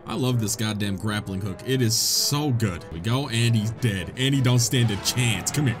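An excitable young man narrates his game with jokes, swearing and frequent laughter. His pitch swings widely from low grumbles to high squeals. Faint game music plays underneath. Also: moderate pace, few pauses. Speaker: gaming video host. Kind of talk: let's play commentary.

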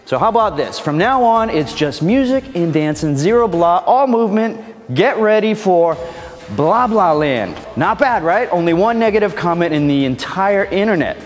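A man's voice: high voice, lively intonation, normal speed, long reverb tail, soft background music. A man hosting a comedy show with a playful, theatrical, mock-indignant delivery. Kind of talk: comedic scripted presentation.

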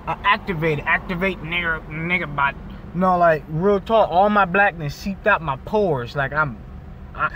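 Young male vlogger, high voice, loud exasperated rant, car with faint traffic. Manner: loud, exasperated, swearing, shifts pitch often. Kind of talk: casual vlog rant. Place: in a car in a drive-thru line.

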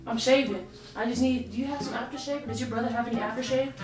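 A young woman in a prank skit, talking in deliberately lowered tough-guy street slang. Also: fairly even intonation, recorded from a distance. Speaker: prankster, co-host. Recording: echoey room, off-mic, faint music.

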